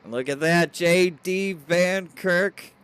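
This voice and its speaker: A man doing excitable play-by-play race commentary with hiccups, reading viewer chat aloud. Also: high-pitched, slow pace, clear, resonant tone.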